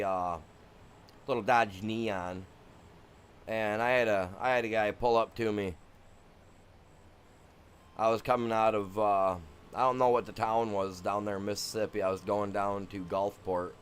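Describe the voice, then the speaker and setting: A middle-aged man from Michigan, live-streaming a farming game and telling a long, animated story in casual, slangy chat. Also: on the low side, smooth.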